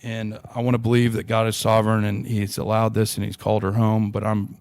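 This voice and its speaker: A man's voice: lowish voice, completely flat delivery, brisk, a little mellow. A young adult man, earnestly telling a long personal story in a podcast interview, with frequent restarts. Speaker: interview guest.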